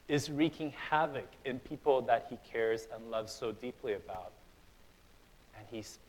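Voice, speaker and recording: A young man preaching a sermon in a church, conversational and relaxed, with fillers and restarts, rising to loud, emphatic stretches. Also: mid-range voice, normal speed, rough recording. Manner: casual, conversational preaching with fillers and repeated starts; builds to loud, emphatic passages. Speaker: pastor. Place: church hall.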